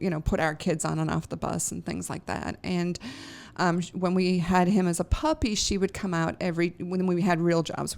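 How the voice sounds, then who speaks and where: A woman's voice: fairly low pitch, creaky, a little mellow. Emotional woman telling a story. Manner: emotional, laughs often, many fillers and restarts. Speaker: podcast host. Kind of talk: casual storytelling.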